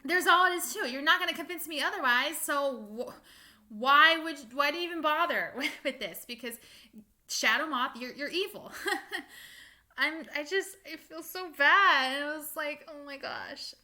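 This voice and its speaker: A young woman ranting casually to her viewers, animated and exasperated, with frequent laughs and fillers. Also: high voice, normal speed. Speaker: fan vlogger. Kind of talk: casual rant to camera.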